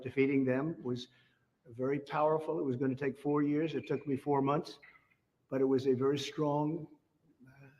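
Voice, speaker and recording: A politician speaking in public remarks, emphatic and boastful, repeating himself and leaning on superlatives. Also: male voice, fairly high pitch, darkish tone, in a large hall.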